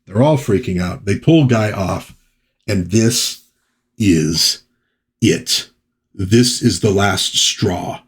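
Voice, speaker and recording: A man's voice: fairly low pitch, slow, husky. A man hosting a comic book review show who narrates the story casually, reads panel dialogue aloud and breaks off for chatty asides. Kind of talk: casual commentary.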